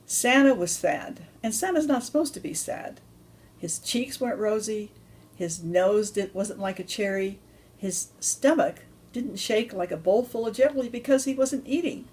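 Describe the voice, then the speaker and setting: A woman's voice: a little high, lively intonation, a little slow, darkish tone. A woman telling an improvised story to children, loose and chatty with restarts.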